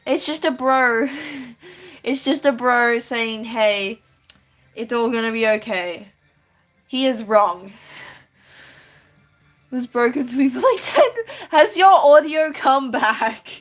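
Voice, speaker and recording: Woman streamer, slightly high voice, giggly and chatty, draws while she talks to chat. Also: slow pace, long pauses. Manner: giggly, chatty, reads chat aloud and answers with many restarts. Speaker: live-streaming artist. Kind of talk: casual live-stream chat while drawing.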